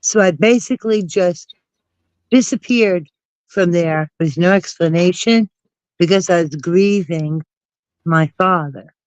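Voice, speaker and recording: A woman's voice: lowish voice, unhurried, darkish tone, no echo. A woman with a stuffy cold, calling in on a phone for a casual chat and laughing often. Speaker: guest caller. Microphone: phone call. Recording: dull muffled phone audio.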